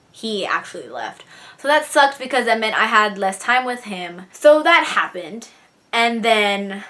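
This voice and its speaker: A woman's voice: fairly high pitch, bright, forceful tone. A young woman vlogging in a casual, chatty way, laughing now and then and getting teary as she talks about her brother. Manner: chatty, giggly, tearing up while reading a letter. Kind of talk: casual chat to camera.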